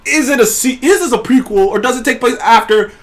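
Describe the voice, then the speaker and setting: A man hosting a casual trailer review show, talking in an excited, rambling way and swearing freely. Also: very high-pitched, a little fast. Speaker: show host.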